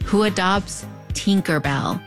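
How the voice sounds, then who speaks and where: A woman's voice: mid-range voice, slow pace, soft background music. A woman in her thirties with a US-Mexico border accent, telling a scripted story in a wry, conversational way with playful asides. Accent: US-Mexico border (fronterizo). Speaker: host. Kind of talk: scripted narration.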